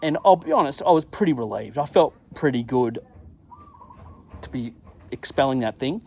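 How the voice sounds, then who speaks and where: With a mid-range voice at a moderate pace, an English podcast host delivers a crude yarn as a casual monologue. He's lively and pokes fun at himself, performing the shouts he made.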